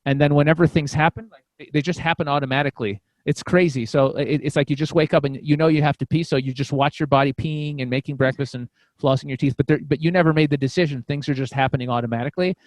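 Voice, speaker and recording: A man's voice: medium pitch, steady tone, quick pace, no room sound. A man guesting on a podcast, telling a personal story in a casual, rambling way, swearing freely and restarting his sentences often. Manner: rambling, profane, frequent restarts.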